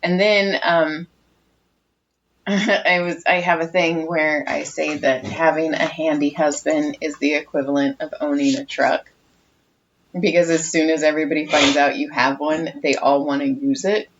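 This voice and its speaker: A woman's voice: low voice, fairly even intonation, moderate pace. A woman co-hosting a casual podcast, telling chatty stories and laughing at her own jokes. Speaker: podcast co-host. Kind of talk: casual chat. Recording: dull lo-fi sound with faint noise.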